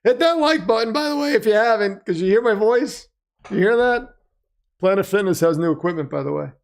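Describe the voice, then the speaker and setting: A middle-aged man hosts a casual livestream, rambling between chat messages, donation shout-outs and quick play-by-play calls. His voice is somewhat high for a man and carries a gravelly, creaky edge. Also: animated. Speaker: livestream host.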